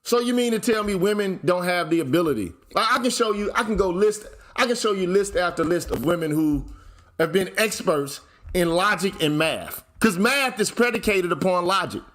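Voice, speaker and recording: A man's voice: sits high, expressive, normal speed, fairly bright tone. A man hosting his channel, ranting in casual commentary, blunt and profane, firing off repeated rhetorical questions. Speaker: channel host.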